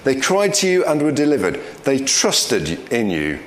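A man's voice: mid-range voice, huge pitch swings, unhurried, roomy sound. A man leading a Bible study, explaining scripture and reading verses aloud. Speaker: Bible teacher.

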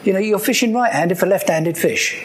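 A man's voice: high voice, normal speed, slight background noise. A man preaching a sermon in a conversational way, with joking asides and repeated key points.

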